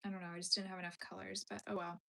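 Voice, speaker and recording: Young woman, live-stream host, easygoing chat while crocheting, mid-range voice, answers viewers, trails off into soft asides. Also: medium pitch, level tone, rapid-fire, creaky. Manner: chatty, answers viewer comments as she works.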